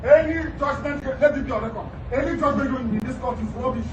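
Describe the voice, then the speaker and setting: A man, a defendant shouting defiantly in a crowded courtroom, repeating his protests over and over. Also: extremely high pitch, a little fast, hardly any pauses, lo-fi sound. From Nigeria. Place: busy courtroom. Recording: echoey, distant, with crowd noise.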